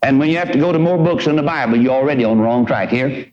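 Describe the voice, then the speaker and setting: Folksy preacher, dull old tape. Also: male voice, medium pitch, fast talker. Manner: folksy, emphatic preaching with repeated phrases. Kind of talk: sermon.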